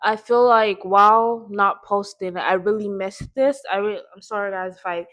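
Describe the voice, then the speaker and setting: A woman's voice: mid-range voice, moderate pace, a bit bright. A teenage girl hosting her own faith podcast, talking in an earnest, chatty way with a slight lisp and many repeats. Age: teens. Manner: chatty, earnest, often repeats herself and says like. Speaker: podcast host. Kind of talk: casual faith vlog talk.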